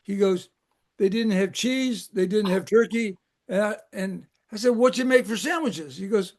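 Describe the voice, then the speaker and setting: Older man with a high voice, casual storyteller, restarts and chuckles. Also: normal speed. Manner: rambling anecdotes with frequent restarts and laughs. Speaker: guest, former camp rec director.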